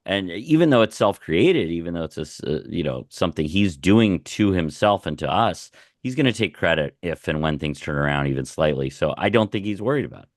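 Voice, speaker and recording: A man, a comedian guest, talking in a measured, thoughtful way on a radio panel. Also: low-pitched, animated, no echo, studio quality. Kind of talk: casual panel chat. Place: radio studio.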